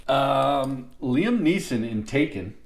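A man's voice: medium pitch, expressive, takes it slowly, vocal fry. Man hosting a casual quiz, echoey room. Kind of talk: casual chat, quiz host. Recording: echoey room, faint noise.

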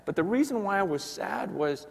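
A man, a pastor, preaching a sermon and telling a story in quoted voices, swinging from hushed to loud. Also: high voice, big pitch swings, moderate pace. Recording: long hall reverb.

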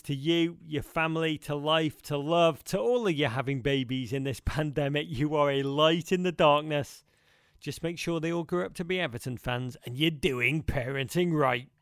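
Gravelly, smooth-voiced podcast host man. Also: a little high, moderate pace, dry recording, clean studio sound. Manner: wistful, rambling, emphatic. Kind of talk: casual podcast monologue answering listener questions.

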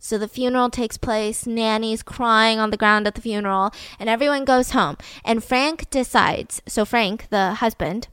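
A young woman hosting a podcast, retelling a true-crime story in a chatty, animated way. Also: fairly high pitch, normal speed, hardly any pauses, clear, resonant tone, no room sound. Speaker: podcast host.

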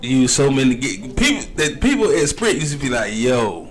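A man co-hosting a podcast, talking in a casual chat and telling animated stories, often breaking into laughs. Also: mid-range voice, a little fast, a loud crowd. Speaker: podcast co-host.

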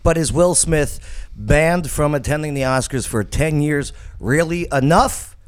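A man's voice: fairly high pitch, measured pace, clean tone. A man hosting a casual talk show, jokey and rambling, often restarting his sentences.

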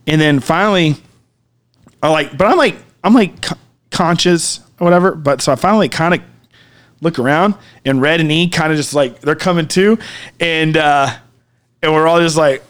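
Rambling, somewhat high-voiced man telling a story. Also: moderate pace, a bit bright, clean tone. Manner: rambling, full of "like" and "dude"; reflective, earnest. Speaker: podcast co-host. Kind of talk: casual storytelling.

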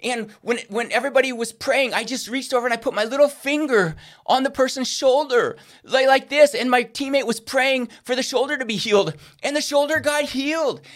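Male preacher, middle-aged, high-pitched, animated storyteller. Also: brisk. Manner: animated, acts out quoted voices. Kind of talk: sermon storytelling.

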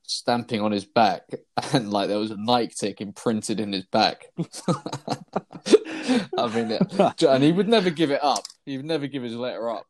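A young man telling a story to friends on a podcast in an animated way, breaking into laughter mid-sentence. His pitch sits at an ordinary middle level for a man. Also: a little fast, few pauses. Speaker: podcast co-host. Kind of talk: casual chat.

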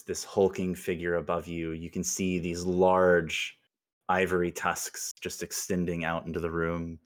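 A man narrating a tabletop role-playing game as game master, with descriptive scene-setting and laughing asides. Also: low-pitched.

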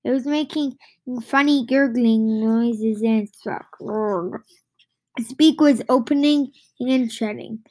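A woman reads a children's chapter book aloud, slowly and haltingly. She stumbles over words and restarts often. Her voice is high. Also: darkish tone, no echo. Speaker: reader.

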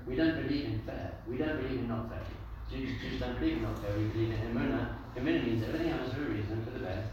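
A man teaching a lively Torah class as a rabbi, telling stories and acting out the voices in them. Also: mid-range voice, very fast, few pauses. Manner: animated storyteller, acts out voices, laughs with listeners. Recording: echoey room, far from mic, noisy.

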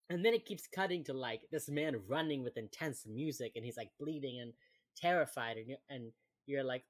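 A woman with a very deep voice co-hosts a laid-back podcast, going over a TV episode at a moderate pace. She gets animated and performs the characters' quotes.

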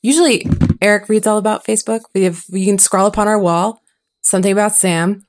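A woman co-hosting a casual podcast, chatty and quick to laugh. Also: medium pitch. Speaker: podcast co-host.

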